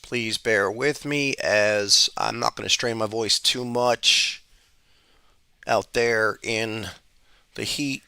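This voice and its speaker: A man's voice: lowish voice, fairly even intonation, takes it slowly, gravelly, pushed and bright, smooth, no echo, clean studio sound. A man hosting a live podcast from the road with a strained voice, chatting folksy with his viewers about markets. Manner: folksy, greets chat by name. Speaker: podcast host. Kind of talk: casual live-stream market talk. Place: outdoors, on the road.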